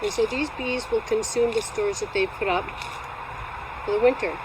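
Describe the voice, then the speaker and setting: Her voice is on the high side and her pace normal as this Alaskan woman chats at her hives outdoors, vlogging a casual how-to. She's playful and pokes fun at herself, while outdoor noise and passing vehicles come through.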